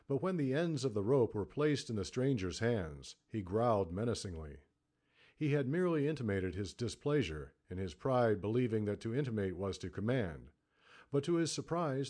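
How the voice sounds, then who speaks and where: A man with a fairly low voice narrating an audiobook in a measured, dramatic storytelling manner. He reads steadily, leaning into the tense moments. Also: darkish tone. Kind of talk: scripted narration.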